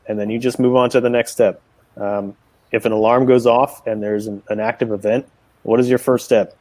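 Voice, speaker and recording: A man's voice: medium pitch, fairly even intonation, normal speed, darkish tone, dry recording, rough recording. A man speaking as a panelist who steadily walks through steps in order. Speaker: webinar panelist. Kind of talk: conversational advice talk.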